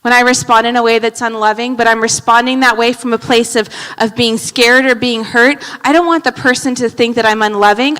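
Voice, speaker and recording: A woman pastor preaching a sermon in an animated way, moving between loud emphasis and hushed asides. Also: fairly high pitch, brisk, few pauses, smooth, in a large hall. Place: church sanctuary.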